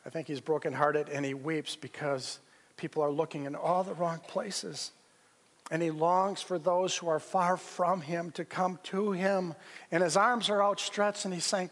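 A man preaching a sermon as pastor, earnest and storytelling with pauses and restarts. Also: high-pitched, steady tone. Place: church sanctuary. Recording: long reverb of a church hall.

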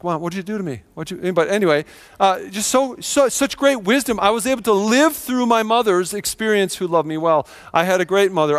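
A middle-aged male pastor delivering a sermon in a slightly higher-than-usual voice. He tells personal stories and acts out the voices he quotes, with lively swings between hushed asides and bright bursts.

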